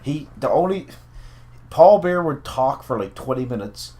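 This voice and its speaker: A man co-hosting a podcast, talking in an animated, profane way with emphatic asides. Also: mid-range voice, moderate pace. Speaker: podcast co-host. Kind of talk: casual wrestling chat.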